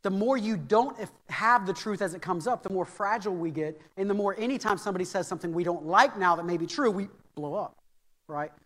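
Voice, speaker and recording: A man's voice: high-pitched, fairly quick, a bit bright. An American man preaching a sermon as pastor, earnest and anecdotal, repeating key phrases for emphasis. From United States. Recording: reverberant hall.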